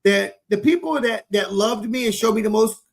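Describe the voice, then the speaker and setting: A man in his forties co-hosting a podcast, talking earnestly and warmly about fatherhood, often repeating words as he gathers himself. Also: high voice, moderate pace. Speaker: podcast co-host. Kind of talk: heartfelt casual conversation.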